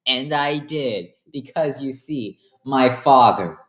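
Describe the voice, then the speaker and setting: A woman voicing a pompous, unhinged male king who calls himself a god, speaking in a high, theatrical voice. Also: expressive, slow pace, reverberant, full character voice. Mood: smug.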